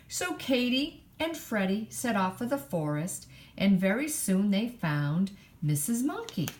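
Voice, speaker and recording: A woman reading a picture book aloud in an expressive storytime manner. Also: medium pitch, measured pace, hardly any pauses.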